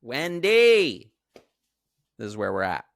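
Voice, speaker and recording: A man co-hosting a podcast, casually recapping a film in animated, profane storytelling. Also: fairly low pitch, a little slow, no echo. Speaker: podcast co-host.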